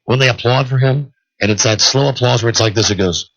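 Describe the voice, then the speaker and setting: A male talk radio host telling a long story solo, animated and acting out the people in it, on a dull lo-fi radio broadcast. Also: mid-range voice, brisk.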